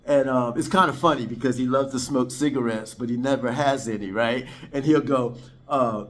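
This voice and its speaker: A man's voice: medium pitch, normal speed. A man from the United States, chatting casually to camera as a vlogger, rambling and repeating himself and calling viewers guys, indoors in his apartment. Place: indoors, apartment on a third floor.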